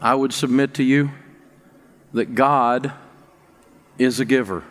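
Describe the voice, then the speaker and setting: A man's voice: mid-range voice, steady tone, takes it slowly, fairly bright tone. A middle-aged male pastor giving a sermon, telling a personal story that builds into emphatic preaching. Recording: long reverb of a large hall.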